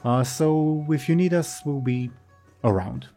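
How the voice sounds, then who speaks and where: A man's voice: mid-range voice, unhurried, mellow, faint music behind, voice pushed up, lightly acted. Victrix, a man voicing a guarded adventuring sister. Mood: matter-of-fact.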